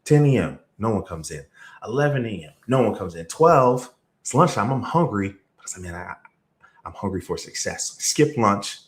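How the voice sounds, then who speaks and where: A fairly low-voiced man gives a motivational sales talk. He tells his story with punchy energy and leaps up in pitch for emphasis. The sound rings in an echoey room. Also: very animated, moderate pace. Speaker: sales trainer. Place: event room or video call.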